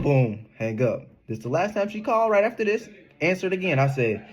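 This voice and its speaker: A young man telling a casual storytime in an animated, slangy way, laughing often. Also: high-pitched, fairly quick, dull audio. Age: young adult. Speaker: vlogger.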